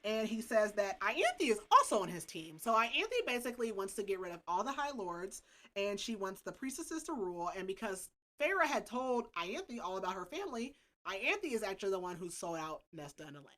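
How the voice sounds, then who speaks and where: A young woman co-hosting a podcast, recapping a novel in casual chat, animated and filling her talk with "like" and "um". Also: medium pitch, normal speed. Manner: animated, full of "like" and "um". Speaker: podcast co-host.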